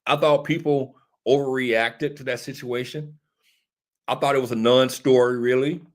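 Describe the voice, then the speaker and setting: A male talk show host with a mid-range voice speaks at a moderate pace and with fairly even intonation. He offers casual political commentary straight to a live audience, responds to viewers, and hammers home repeated points like a preacher.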